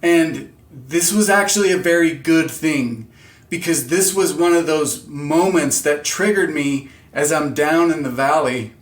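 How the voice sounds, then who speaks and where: A man's voice: on the high side, measured pace. Earnest man in a roomy echo. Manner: earnest, candid, self-motivating. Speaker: channel host. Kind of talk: motivational vlog talk.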